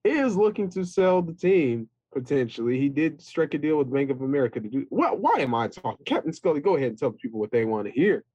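A man's voice: fairly high pitch, expressive, fast, few pauses, a little mellow, dry recording, dull audio. A man hosting a sports talk show, wry and prodding his co-host to keep going.

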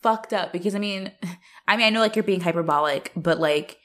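A young woman co-hosting a podcast, recapping a show in casual chat, animated and profane, laughing as she acts out the characters. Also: lowish voice, brisk. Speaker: podcast co-host.

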